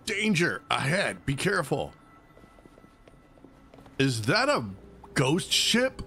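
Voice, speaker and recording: A man's voice: on the high side, huge pitch swings, slow, pauses often, sharp tone, faint music behind. A man chatting casually as a streamer while he plays a game, rambling and joking along. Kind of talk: casual gameplay commentary.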